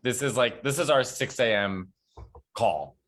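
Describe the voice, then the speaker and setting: A male comedian talking as a guest over a video call. His voice is bright and forward, and he tells stories with lively acted-out quotes. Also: medium pitch, unhurried. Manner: animated storyteller, acts out loud quotes. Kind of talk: casual chat.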